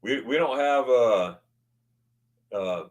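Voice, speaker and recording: A man hosting a casual livestream, greeting viewers by name and reading their comments, excitable and often stammering as he restarts his words. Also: mid-range voice, takes it slowly. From United States. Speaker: livestream host.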